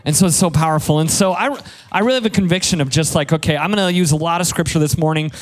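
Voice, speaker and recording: A man, a pastor preaching a sermon in a relaxed, joking, storytelling way. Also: on the high side, fast. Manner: conversational, playful storytelling with self-deprecating jokes.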